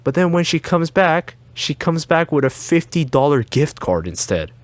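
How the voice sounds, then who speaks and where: A man co-hosting a podcast in casual chat, telling an animated story with acted-out quotes and frequent laughs. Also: fairly high pitch, normal speed, dry recording. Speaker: podcast co-host.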